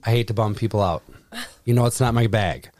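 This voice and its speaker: A man's voice: fairly low pitch, brisk, darkish tone, no echo, clean studio sound. A man co-hosting a podcast, in casual chat, loose and swearing freely. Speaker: podcast co-host.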